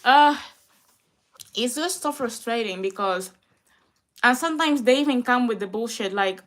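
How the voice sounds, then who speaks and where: A woman's voice: fairly high pitch, animated, measured pace, long pauses, fairly bright tone. A young woman vlogger, upset and close to tears, venting to her viewers in an emotional chat.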